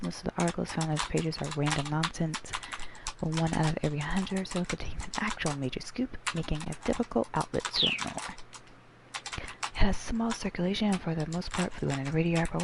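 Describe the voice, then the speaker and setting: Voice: mid-range voice, creaky, background noise. A gamer reading a visual novel's text aloud, adding brief comments. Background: game music.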